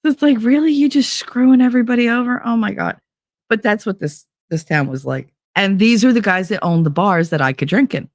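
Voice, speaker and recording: A middle-aged woman tells stories in a blunt, animated way and swears freely. Her voice sits at a medium pitch. The sound is dry and close, with no room echo. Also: normal speed, creaky. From Hoboken, New Jersey. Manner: blunt, profane, animated storyteller. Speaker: podcast host. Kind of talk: casual storytelling.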